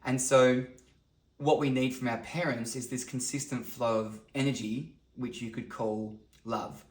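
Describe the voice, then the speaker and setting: A man in his thirties, a men's coach, appears as a guest in a reflective podcast conversation, earnestly telling stories and acting out quotes. His medium-pitched voice is steady and unhurried, and the recording has a roomy echo.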